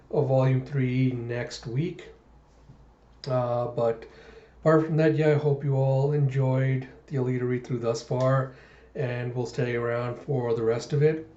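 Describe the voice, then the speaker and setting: YouTuber man chatting casually, rambling, mellow tone, muffled echoey recording. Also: medium pitch. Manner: rambling, many fillers. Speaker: manga read-through YouTuber. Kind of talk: casual chat to camera. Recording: dull, echoey home recording.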